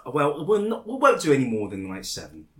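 A man's voice: on the high side, huge pitch swings, brisk, crowd noise. A man hosting a casual comedy chat, joking and laughing often, with a few stammers. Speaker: podcast host.

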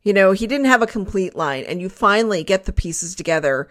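A woman's voice: mid-range voice, animated, moderate pace, fairly bright tone. A woman in her forties, co-hosting a casual sports podcast, chatty with laughing asides. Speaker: podcast co-host. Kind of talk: casual chat.

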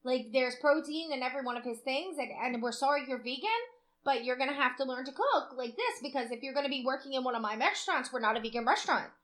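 Woman, podcast co-host, higher voice, blunt and profane in casual chat. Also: fast, fairly bright tone. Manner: swears freely, chatty and opinionated.

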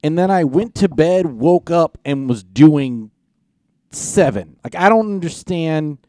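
A man co-hosts a comedy podcast with a lively, bouncing delivery and a slightly raised pitch. He tells animated stories and teases his friends. The sound is dry and close. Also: takes it slowly, no room sound. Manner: teasing, animated storyteller. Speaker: podcast co-host. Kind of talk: casual comedy chat.

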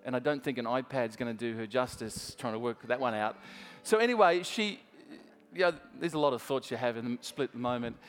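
An Australian man delivers a sermon in church, speaking at medium pitch and a slightly quick pace. He tells a story in a chatty way, restarting often and addressing the congregation directly, with a big-room sound and faint music in the background.

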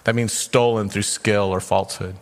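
A man's voice: fairly low pitch, fairly even intonation, normal speed, long reverb tail. A man preaching a sermon as pastor, telling a parable and briefly voicing its characters. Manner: storytelling, briefly acting out characters' lines.

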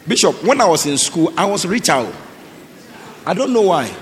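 A pastor's high-sitting, sing-song voice moves at a moderate pace as he preaches in church. He calls people forward with their offerings, repeating terse commands and quizzing the crowd, while the echoey hall adds faint noise.

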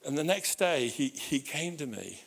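A middle-aged pastor tells a story from the pulpit in a slightly higher-than-usual man's voice. He checks in with his listeners and often restarts his sentences. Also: moderate pace, gravelly. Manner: animated personal storytelling with frequent restarts and audience asides. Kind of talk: sermon storytelling.

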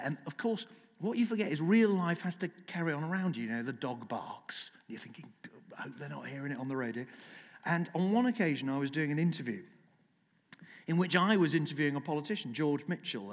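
A middle-aged man, a broadcast journalist and guest speaker, telling lively, self-mocking stories at a festival talk. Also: a little high, fairly quick. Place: festival lecture hall. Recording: long reverb in a large hall.

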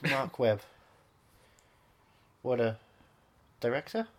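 A man's voice: medium pitch, big pitch swings, drawn-out words. A man, co-hosting a podcast in casual chat, with dry sarcastic humor. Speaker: podcast co-host.

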